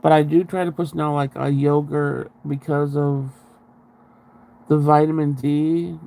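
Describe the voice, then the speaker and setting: A man telling his own story in a casual interview, frank and halting, with blunt swearing. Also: fairly high pitch, flat delivery, creaky, mellow, poor audio.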